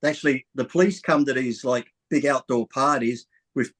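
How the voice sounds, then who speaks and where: A man chatting casually on a podcast, relaxed and joking. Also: medium pitch, moderate pace, slightly rough. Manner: relaxed, joking, laughs easily.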